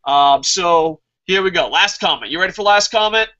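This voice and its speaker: A man with a high, bright voice hosts a casual wrestling review and answers viewer comments. He gets heated and swears freely as he rants. The recording is muffled and lo-fi. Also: normal speed. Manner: heated, profane ranting.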